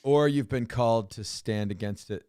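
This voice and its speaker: A man co-hosting a casual podcast, his speech smooth and resonant. He rambles and repeats himself, with joking, sarcastic asides, and the studio sound is close and dry. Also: mid-range voice, normal speed, dark tone, no echo. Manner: rambling, repeats words and restarts often. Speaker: podcast co-host. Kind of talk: casual chat.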